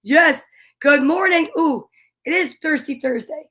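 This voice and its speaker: Middle-aged woman, scratchy rasp, high-pitched, bubbly live-stream host chatting casually. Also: measured pace, a bit bright. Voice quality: scratchy, raspy voice.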